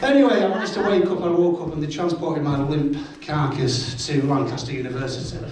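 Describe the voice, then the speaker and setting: A man's voice: fairly high pitch, brisk, darkish tone, a little hiss or hum. A middle-aged man with a Salford accent, telling blunt, self-mocking stories in a live stand-up set in a pub. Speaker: stand-up comedian. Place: pub function room with audience. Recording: echoey pub room, mic from far off.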